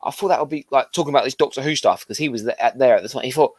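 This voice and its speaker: A man co-hosting a casual toy livestream, telling car boot stories in a relaxed, halting way. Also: mid-range voice, slightly rough. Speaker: toy show co-host.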